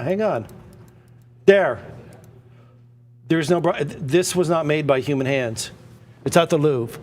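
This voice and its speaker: A man hosting a live-streamed art auction, excitable and prone to rambling tangents. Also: fairly high pitch, slow, pauses often. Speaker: auction host.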